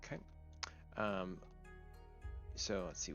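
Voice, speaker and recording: A man acting as game master, narrating a tabletop game in a relaxed way, full of ums and uhs. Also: low-pitched, a little slow, vocal fry, pauses often, faint music behind. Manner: relaxed, with many fillers.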